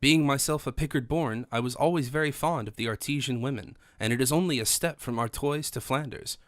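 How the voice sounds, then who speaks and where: A cheerful, worldly middle-aged grocer holds forth proudly about his good fortune, voiced by a man reading the book. The tone stays genial and even. The sound is dry and close. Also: mid-range voice, brisk, dry recording, close to an everyday voice.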